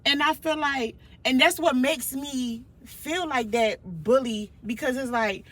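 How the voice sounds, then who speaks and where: A woman's voice: sits high, unhurried, a bit bright. A woman guest on a casual podcast, emphatic and profane as she retells conversations.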